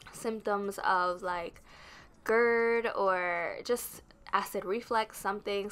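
A woman's voice: medium pitch, sharp tone, smooth. A pregnant woman vlogger narrating her video in a chatty, rambling way with lots of fillers. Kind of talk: casual voice-over narration.

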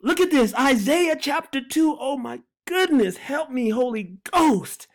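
A fervent preacher teaching scripture, who sounds overwhelmed with excitement. The voice leaps up and drops low, with lines repeated and slowed for emphasis. Prayers and bursts of laughter break in mid-sentence. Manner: overwhelmed and exclamatory, repeating phrases and praying aloud. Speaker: Bible teacher.

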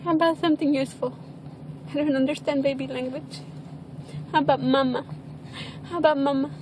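A woman's voice: high-pitched, steady tone, fairly quick. A mother filming her baby at home, coaxing him in a sing-song, repetitive baby-talk voice. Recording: home video with background noise.

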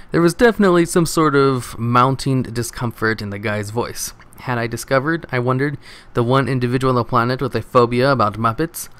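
A man narrating a story from an online post, expressive and wry, with a few stumbles over words. His voice sits at an ordinary middle pitch for a man. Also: moderate pace, clean tone. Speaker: narrator reading online posts. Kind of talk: first-person story reading.

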